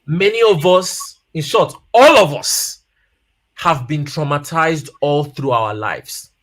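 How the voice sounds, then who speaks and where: Animated man who repeats his points. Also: a little high, takes it slowly. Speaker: guest speaker on family life. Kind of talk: casual advice talk with personal stories.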